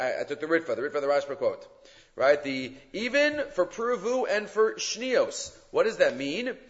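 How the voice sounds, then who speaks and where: A man delivers a Talmud lesson in a fairly high voice, pushing hard on key points and weaving Hebrew and Aramaic terms into his English. The sound is muffled and trails off in a long echo, as in a large hall. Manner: animated, rising to emphatic peaks, mixes Hebrew and Aramaic terms. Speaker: Talmud teacher. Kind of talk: lecture on Jewish law. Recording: muffled sound in a reverberant room.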